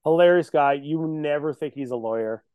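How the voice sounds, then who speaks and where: A man's voice: a little high, moderate pace, clear, resonant tone, no echo, narrow, tinny audio. A man chatting casually on a podcast as a guest, boastful and joking. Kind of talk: casual chat.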